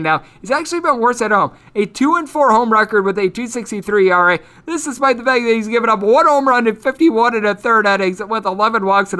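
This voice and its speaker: A man's voice: high voice, pushed and bright, clear, resonant tone. A man hosting a sports betting podcast, rattling off player numbers and giving blunt opinions on picks. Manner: rapid-fire stat rundown, blunt opinions. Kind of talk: solo betting analysis podcast.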